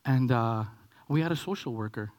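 A man in his forties from Canada preaching a sermon, telling a childhood story with animated acting-out, dropping to whispers and rising to high excited bursts. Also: normal speed. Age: 40s.

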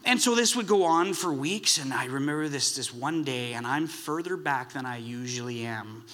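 A man's voice: mid-range voice, animated, moderate pace, fairly bright tone. A man preaching a sermon in a chatty, self-deprecating storytelling way, with many restarts. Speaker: pastor.

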